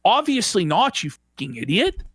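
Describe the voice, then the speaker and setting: A man's voice: high voice, big pitch swings, moderate pace, fairly bright tone, slightly rough, no room sound, clean studio sound. A man reading out posts and mocking them in sarcastic, profane commentary. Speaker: co-host.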